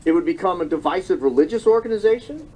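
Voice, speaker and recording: A man's voice: high-pitched, lively intonation, fast talker, mellow, slightly rough, poor audio. A man in his thirties giving an emotional political monologue, often repeating phrases and correcting himself. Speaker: political commentator. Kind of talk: monologue commentary.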